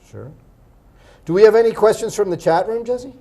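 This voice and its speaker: High-voiced man hosting with dry wit. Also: moderate pace, mellow. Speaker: game show host. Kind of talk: hosting a comedy web show.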